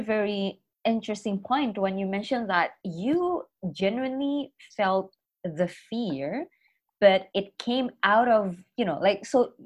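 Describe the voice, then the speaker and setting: A woman offering parenting advice in casual conversation, speaking in a reflective, explanatory way with occasional grammar slips. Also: mid-range voice.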